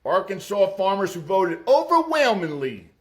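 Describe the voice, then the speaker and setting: A man's voice: high voice, very animated, moderate pace, fairly bright tone. A man giving crude, sarcastic political commentary, mocking and profane. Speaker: online commentator.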